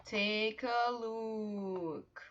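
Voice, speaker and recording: A young woman with a high, bright-toned voice teaches English to little children. She speaks slowly, stretching each question in a sing-song, encouraging way. The sound is a bit dull and lo-fi, like a home laptop recording. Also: fairly even intonation. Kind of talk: children's online class with songs.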